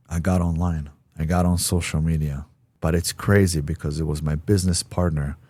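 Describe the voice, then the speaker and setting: Deep-voiced man telling his story emphatically. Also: dark tone, slightly rough, no room sound. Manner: emphatic, acts out quoted dialogue with rising energy. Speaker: podcast guest. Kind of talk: personal storytelling interview.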